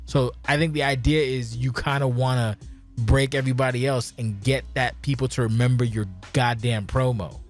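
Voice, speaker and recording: A man's voice: medium pitch, moderate pace. Tipsy male podcast host, rambling and profane, medium voice, faint music under him. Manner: rambling, profane, animated storytelling. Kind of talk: casual chat.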